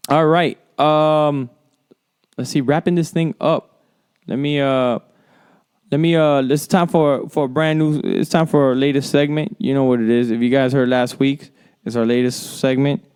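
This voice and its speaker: Man ranting profanely, smooth voice. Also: medium pitch, steady tone, normal speed, darkish tone. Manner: profane, rambling and heated. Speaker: sports podcast host. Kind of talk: solo sports commentary rant.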